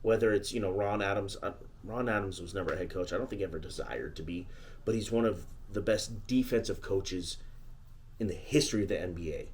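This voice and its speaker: A man's voice: deep voice, fairly quick, a little hiss or hum. A man co-hosting a podcast, talking casually and at length about basketball coaching. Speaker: podcast co-host. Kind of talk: casual sports chat.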